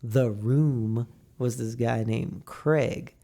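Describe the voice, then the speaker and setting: A young man on a podcast, talking slowly in a gravelly, dark voice. He tells his story in a relaxed, drawn-out way and slips into quoted lines as he goes. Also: mid-range voice. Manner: laid-back, drawn-out storytelling with acted-out quotes. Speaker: podcast co-host. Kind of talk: casual chat.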